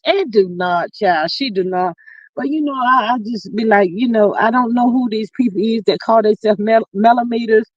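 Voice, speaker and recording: A woman hosting a casual livestream, reading viewer comments aloud and telling stories with big pitch swings, drawn-out exclamations and frequent laughter. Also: no echo. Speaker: livestream host. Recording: dull lo-fi, dry sound.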